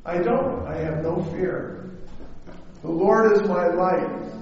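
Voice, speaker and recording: High-voiced preacher in an echoing hall. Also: male voice. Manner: animated storytelling, scripture quoted in slow emphatic bursts. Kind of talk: sermon. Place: church sanctuary. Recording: echoey hall, dull lo-fi sound.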